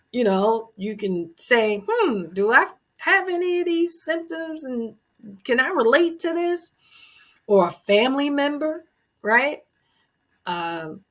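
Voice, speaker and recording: Slow, emphatic woman preaching to viewers. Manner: preachy and earnest, talks straight to the viewer; slow, emphatic and emotional, with sudden loud high bursts. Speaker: host. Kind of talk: motivational talk to viewers.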